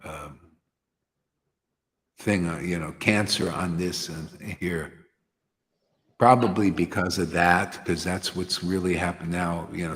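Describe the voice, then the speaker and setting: A man giving an informal devotional sermon, rambling and slangy, often stumbling and repeating words. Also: low voice. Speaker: spiritual teacher. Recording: long hall reverb.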